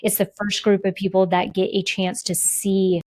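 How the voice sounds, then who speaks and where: A woman's voice: medium pitch, little pitch movement, moderate pace, darkish tone, poor audio. A woman co-hosting a podcast in a casual, conversational chat with a playful teasing side. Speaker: podcast co-host.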